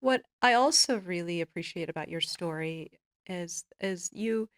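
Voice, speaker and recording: A woman's voice: lowish voice, lively intonation, unhurried, no echo, studio quality. A woman hosting a podcast interview who asks supportive questions and often gives short affirmations. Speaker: podcast host.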